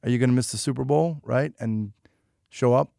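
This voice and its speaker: A man hosting a casual podcast chat, his voice carrying a gravelly edge. He affirms his guest often and builds on the guest's points in earnest. The recording is dry and close-miked. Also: mid-range voice, brisk, warm tone, no room sound. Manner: affirming, short backchannels and earnest riffs. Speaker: podcast host.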